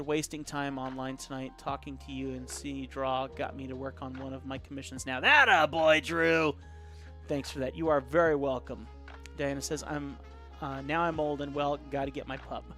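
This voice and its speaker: A man live-streaming his drawing, chatting casually and reading viewer comments aloud in a rambling way. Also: mid-range voice. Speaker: caricature artist live-streaming.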